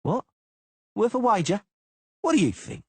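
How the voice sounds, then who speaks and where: A man's voice: sits high, sing-song, a little slow, breathy edge, no echo, pitched above the performer's own voice, full character voice. A man playing a sneering, taunting mercenary. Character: swaggering male mercenary, mocking and menacing.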